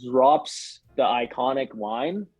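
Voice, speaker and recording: A man's voice: medium pitch, huge pitch swings, slow pace, creaky, no room sound, poor audio. A young man, a podcast guest, chatting casually and rambling with lots of filler words. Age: young adult. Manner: rambling, hedging with many "like"s. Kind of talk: casual chat.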